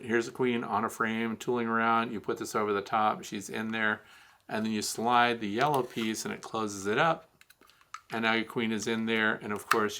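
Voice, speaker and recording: A man's voice: mid-range voice, pushed and bright. A man hosting a beekeeping Q&A, giving a blunt, teasing hands-on demonstration of gear. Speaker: beekeeping show host.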